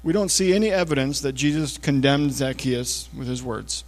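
A man preaching a conversational sermon, checking in with listeners with little asides and often dropping to a low, hushed voice for emphasis. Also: normal speed, soft background music. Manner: casual, talks to listeners with frequent checks like "okay?" and "all right?". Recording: long reverb of a large hall.

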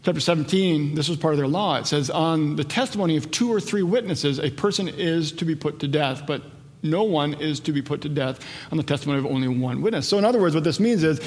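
A man delivering a sermon with a slightly high voice, carried by long reverb as if in a large hall. He slows down for scripture and climbs higher and louder when he drives a point home. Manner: builds in pitch and loudness when stressing a point, slows for scripture. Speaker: pastor.

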